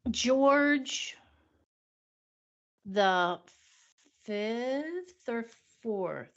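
A woman with a fairly high voice speaks very slowly, pausing and hunting for words in easy conversation. The recording sounds dull and lo-fi. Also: animated. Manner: hesitant, searching for words with fillers. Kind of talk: casual chat.

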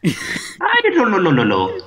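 A man's voice: high voice, wildly swooping pitch, unhurried. A young man in casual chat, blunt and sarcastic, swearing often. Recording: dull, slightly noisy mic.

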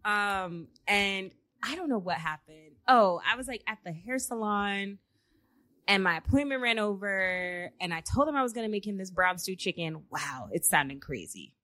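A woman's voice: mid-range voice, moderate pace, no echo. A young woman co-hosting a casual chat podcast, telling stories with lots of laughter and acted-out quotes from her home office. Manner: animated storytelling, laughs often, acts out quotes. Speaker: podcast co-host.

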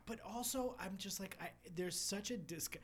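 A woman's voice: mid-range voice, moderate pace. A woman co-hosting a podcast in casual chat, blunt and swearing as she picks apart a show. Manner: blunt, swears a lot, mocks characters in put-on voices. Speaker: podcast co-host.

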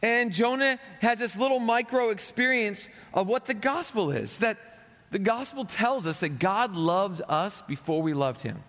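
A man's voice: high voice, animated, measured pace, fairly bright tone. A man preaching a sermon, dramatically acting out the voices he quotes. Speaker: pastor. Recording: long hall reverb.

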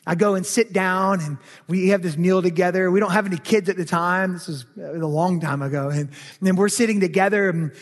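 A male pastor preaching a sermon, telling a personal story with lively, animated delivery that turns heated and loud in places. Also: sits high, a little fast, hardly any pauses, in a large hall.

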